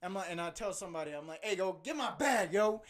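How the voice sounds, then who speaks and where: A young man hosting a podcast, telling an animated story with lots of laughing and "bro". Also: sits high, fast. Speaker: podcast host. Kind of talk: casual storytelling chat.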